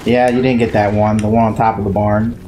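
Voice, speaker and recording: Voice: medium pitch, level tone, brisk, noisy background. A co-commentator on a game stream, giving directions and teasing the player. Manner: gives directions and teases. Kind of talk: casual gameplay commentary.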